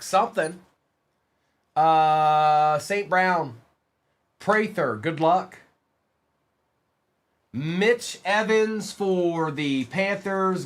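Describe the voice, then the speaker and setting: A young man on a live stream, chatting casually and calling out player names as he opens card packs, getting excited along the way. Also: on the high side.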